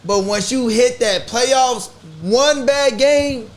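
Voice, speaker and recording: Very high-voiced playful man. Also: slow. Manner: playful, hyped. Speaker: podcast co-host. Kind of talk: casual sports chat.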